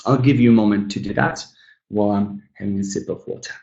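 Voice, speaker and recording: A man's voice: lowish voice, darkish tone, echoey room, dull audio. A man teaching an English webinar, saying each example word twice and chatting to the learners as guys. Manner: drills each word twice, slow and careful. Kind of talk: webinar lesson.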